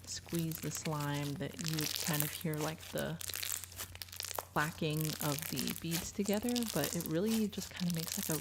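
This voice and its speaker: A woman's voice: deep voice, background noise. Chatty woman reviewing crinkly slime. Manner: chatty and gushing. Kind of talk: casual product review. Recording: slime crinkling and clicking sounds.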